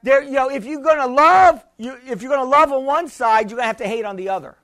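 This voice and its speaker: A man's voice: extremely high pitch, fast talker, a bit bright. A male pastor preaching a sermon, emphatic and repetitive, often calling out for an amen.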